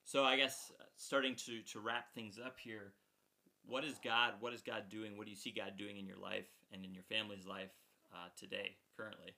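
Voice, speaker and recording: Male interviewer, low, gravelly, very bright voice, hesitant phrasing. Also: little pitch movement, normal speed. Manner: hesitant, searching for words. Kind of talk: interview questions.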